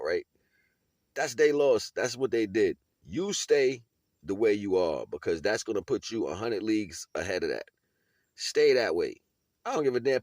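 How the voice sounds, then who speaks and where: A man talks straight to his listener in a relaxed, slangy motivational monologue, laughing easily and asking again and again whether he is understood. His voice sits in an ordinary middle register. The sound is close and dry, with no room around it. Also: mid-range voice, no echo. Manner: street slang, keeps asking "you know what I'm saying"; laughs often while talking. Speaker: video blogger.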